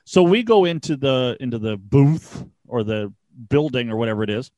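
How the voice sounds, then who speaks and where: A man's voice: a little high, moderate pace, no room sound. A man hosting a podcast, casually telling a road-trip story, swearing often and acting out the dialogue. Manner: animated, swears freely, acts out dialogue. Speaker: podcast host.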